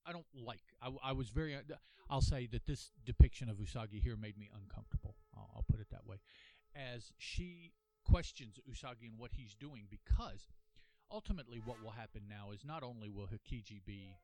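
Halting, lively-voiced man reviewing a comic. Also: medium pitch. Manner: halting, thinking aloud with frequent restarts; earnest and apologetic. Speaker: podcast host reviewing a comic. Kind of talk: casual solo comic book review.

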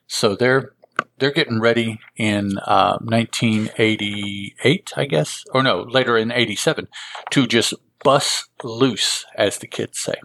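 A man's voice: lowish voice, unhurried, gravelly, fairly bright tone, a little hiss or hum. A man hosting a casual comic book review, rambling and correcting himself as he goes. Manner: rambling, with fillers and self-corrections. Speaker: host.

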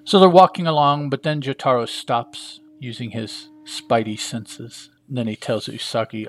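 A man's voice: medium pitch, moderate pace, few pauses. A man casually narrating a comic book page by page, chatty and full of asides. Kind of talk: casual comic read-through.

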